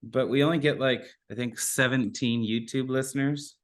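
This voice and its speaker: A man's voice: mid-range voice, fairly even intonation, normal speed. Casual, rambling man hosting a podcast. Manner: rambling, self-deprecating, loose. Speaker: podcast host.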